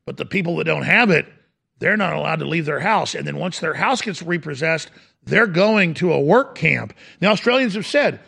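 A man's voice: fairly high pitch, lively intonation, normal speed, gravelly, sharp tone, slightly rough. A middle-aged man hosting a talk radio show, delivering an impassioned, ranting monologue.

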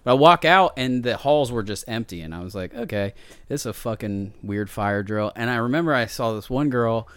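A man telling a crude story in casual chat, profane and animated, acting out the voices he quotes. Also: mid-range voice, brisk, smooth, no echo.

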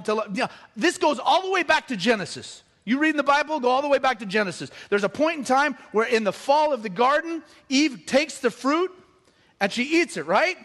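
A middle-aged man preaching a sermon, animated and joking with the congregation. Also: very high-pitched. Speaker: pastor.

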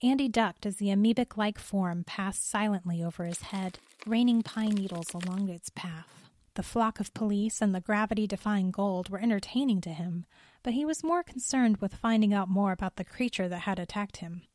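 Calm woman narrating a story. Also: medium pitch, moderate pace. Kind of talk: scripted narration.

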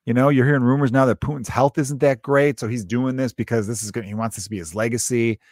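A man's voice: mid-range voice, fairly even intonation, fast, a little mellow, no echo, clean studio sound. Profane rambling podcast man. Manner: rambling, profane, self-interrupting storyteller. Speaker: podcast host. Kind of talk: casual monologue.

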